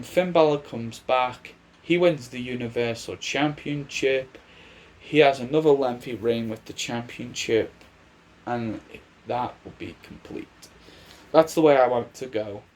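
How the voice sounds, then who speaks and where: Slow-talking man rambling about wrestling. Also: medium pitch, darkish tone. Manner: rambling, chatty, restarts his sentences. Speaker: wrestling commentator. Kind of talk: casual predictions vlog.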